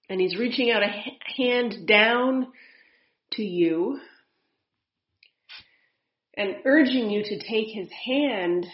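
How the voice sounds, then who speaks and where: A woman leading a guided spirit-channeling session, speaking softly and unhurriedly, with pauses and audible breath releases. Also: medium pitch, reverberant, lo-fi sound. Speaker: spiritual medium.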